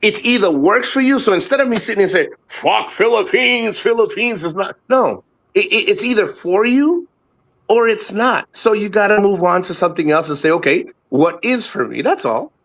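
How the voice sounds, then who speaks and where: A man's voice: high voice, lively intonation, moderate pace, fairly bright tone. Rambling, cussing man in his fifties. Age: 50s. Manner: rambling and profane, repeats himself. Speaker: guest. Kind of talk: casual chat on a livestream.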